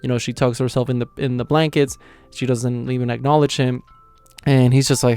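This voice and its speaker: This anime reaction channel host is a young man whose mid-range voice is level, smooth, darkish and fairly quick. On his own channel he gives a casual recap and review of an episode, rambling through lots of fillers and chuckling frequently.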